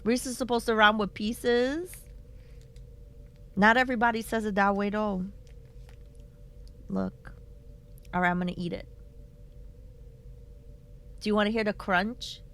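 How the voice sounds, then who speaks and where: A woman's voice: mid-range voice, unhurried, long pauses. A woman streaming live, chatting casually with her viewers, reading their messages aloud and laughing often, talking into a desk microphone. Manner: playful, animated, reads chat aloud, laughs often.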